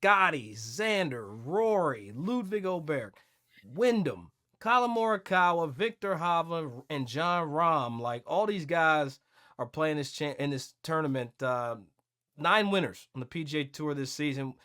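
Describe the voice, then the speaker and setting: A man co-hosting a podcast in casual chat, animated and jokey with lots of slang. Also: fairly high pitch, unhurried, dry recording, studio quality. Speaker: podcast co-host.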